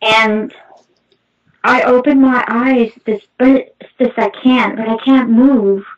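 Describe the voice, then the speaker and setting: A middle-aged woman giving a halting, emotional personal testimony as a guest, with many restarts. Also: on the high side, fairly even intonation. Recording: muffled distant mic.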